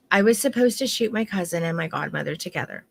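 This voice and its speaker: A woman's voice: lowish voice, creaky, a bit bright. A middle-aged woman photography instructor teaching an online course in a heartfelt, candid way, swearing now and then.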